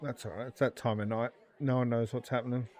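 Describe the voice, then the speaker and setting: A man co-hosting a casual home-brewing pub chat over a video call, telling stories in a relaxed, joking way. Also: mid-range voice, fast, some chatter behind. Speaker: podcast co-host.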